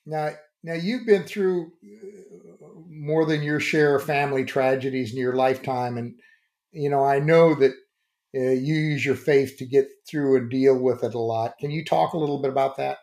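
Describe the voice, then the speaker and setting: A man's voice: mid-range voice, moderate pace, darkish tone. A man hosting a podcast in easygoing casual chat, leaning on filler phrases as he leads into his questions. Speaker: podcast host.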